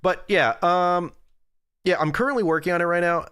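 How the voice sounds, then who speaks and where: A man's voice: sits high, normal speed, fairly bright tone, clear, resonant tone, no room sound, studio quality. A young man streamer in rambling, jokey casual chat with his viewers at a desk indoors.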